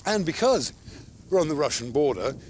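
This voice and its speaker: A jovial man hosts a cooking show outdoors in a snow kitchen, joking with his crew as he works. His voice sits fairly high for a man and swings through a lively range of pitch. A pan sizzles faintly behind him. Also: normal speed, a little hiss or hum. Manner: jovial, theatrical banter with the crew. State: a bit out of breath.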